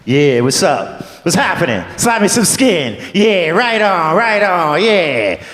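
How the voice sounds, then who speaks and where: A man's voice: sits high, sing-song, slow pace, a bit bright, voice pushed up, heavily acted. A man voicing an awkward guy forcing a dated tough-guy street voice, slangy, repetitive and full of clumsy bravado. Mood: cocky. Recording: echoey hall with noise.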